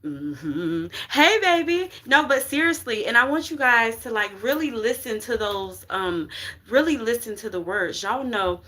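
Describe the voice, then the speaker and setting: A woman gives a casual tarot reading on a live stream, preachy and uplifting, packed with slang and call-and-response. She keeps repeating "you get what I'm saying." Her voice is fairly high, animated, pushed and bright, and her pace is a little slow.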